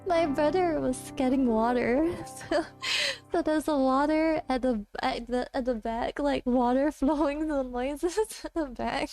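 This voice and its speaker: A woman VTuber streaming from home, chatting casually with her viewers between karaoke songs, giggling and breaking into quick asides as she reads the chat. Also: sits high, mellow, no room sound, soft background music. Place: home room.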